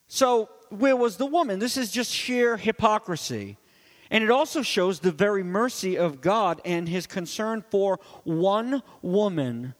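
A man pastor preaching a sermon in a church with emphatic delivery, swinging from loud highs to quiet lows. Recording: long reverb.

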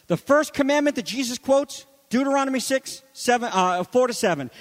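Passionate male preacher, high voice, reverberant sound. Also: moderate pace, hardly any pauses. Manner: impassioned preaching, swinging from loud emphasis to hushed asides. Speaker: pastor. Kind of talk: sermon.

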